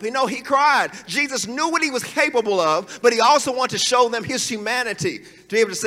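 A man's voice: very high-pitched, animated, brisk, hardly any pauses, bright, forceful tone, in a large hall. A man preaching a sermon in a conversational, emphatic way, with asides and chuckles.

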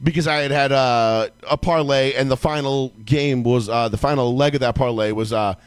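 A medium-pitched, clear and resonant voice at a moderate pace belongs to a co-host on a casual sports podcast, captured in a dry recording. He tells a long, profane, easygoing story, erupting into yells as he plays out his own outbursts.

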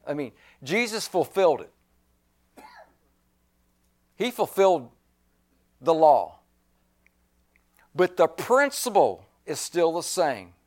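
A male pastor preaching a sermon, slow and emphatic, repeating key phrases and clearing his throat now and then. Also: high voice.

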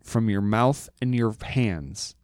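A man, a guest bass player, chatting casually on a podcast in a studio, talking in an animated, profane, ranting way. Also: slow pace, no echo. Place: recording studio.

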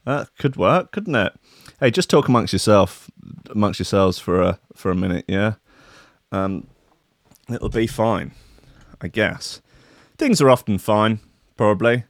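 A man's voice: on the low side, lively intonation, measured pace, pauses often, no echo. Man, radio host, rambling comic chat, swears a lot, dry close studio mic. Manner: rambling and sweary, with trailing asides.

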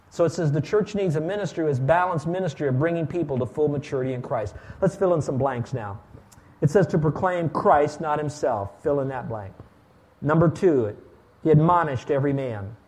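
High-voiced emphatic man preaching a sermon. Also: moderate pace. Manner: emphatic, swings from loud bursts to quiet asides. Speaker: pastor.

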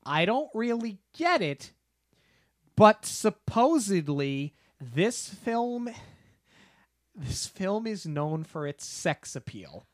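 A man co-hosting a podcast, building up a story slowly with playful disbelief. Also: high-pitched, very animated, no echo, clean studio sound. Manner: slow, deliberate build-ups with playful disbelief. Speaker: podcast co-host. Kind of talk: casual podcast chat. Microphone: podcast microphone.

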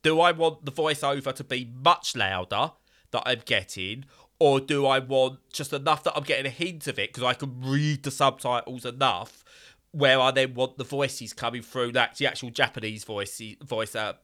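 A man's voice: medium pitch, pushed and bright. A man casually reviewing a game in a podcast chat, rambling with fillers and bursts of exasperation.

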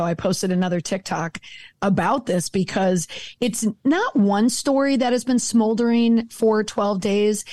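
A woman's voice: medium pitch, a little mellow, no room sound. An American woman chatting as a podcast guest, enthusiastic and emphatic about crisis communication. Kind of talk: casual podcast chat.

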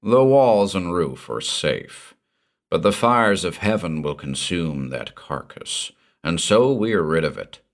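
A cruel masked villain, as a man reads him out, who gives orders in a harsh, clipped monotone from a deep, low register. He sounds slow and cold, indifferent to anyone around him, like the villain of a storybook. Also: exaggerated voice. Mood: cold commanding. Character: cruel arrogant male villain in a red devil mask. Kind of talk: audiobook character voice.

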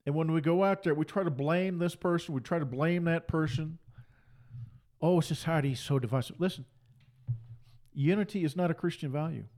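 A man's voice: a little high, brisk, darkish tone. A man preaching a fiery sermon, emphatic and hammering his points through repetition. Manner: emphatic, repeats phrases for force.

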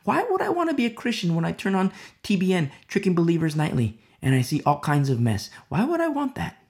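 A man puts on a scornful non-believer with a raised, lively voice. The questions come mocking and indignant, with a gravelly grain underneath. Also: sits high, brisk, pitched above the performer's own voice, full character voice.

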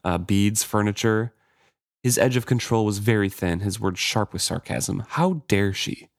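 Low-voiced man retelling a novel. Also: normal speed, dry recording, clean studio sound. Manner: paraphrases loosely with fillers like "kind of". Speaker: book discussion podcaster. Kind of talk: casual retelling with read-aloud passages.

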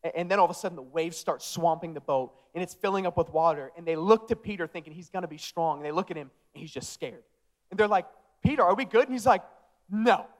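A young man delivers a lively sermon in a high, bright-sounding voice. He acts out the dialogue of the disciples in casual modern slang, then swings back to earnest, direct appeals to his listeners. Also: fast. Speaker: pastor.

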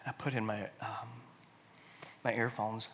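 A man giving an earnest, emotional personal testimony in a sermon-like talk, at times dropping to a hushed, soft voice, with frequent restarts. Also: fairly low pitch, little pitch movement, a little slow, slight background noise. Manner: hushed, soft-spoken in quiet passages.

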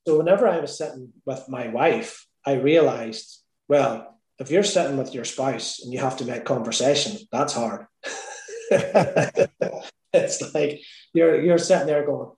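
A man's voice: mid-range voice, measured pace, darkish tone. Give me a man with an Irish accent, a guest in a casual interview who tells a candid story full of laughter and swearing. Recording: roomy echo.

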